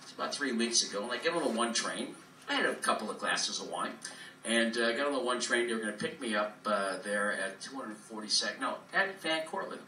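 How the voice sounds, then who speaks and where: A man's voice: on the low side, animated, brisk, pushed and bright. A man doing a live stand-up set as a comedian, in a profane, rambling, free-form ad-libbed rant. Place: club room, live in front of an audience. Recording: roomy echo, distant mic, faint room noise.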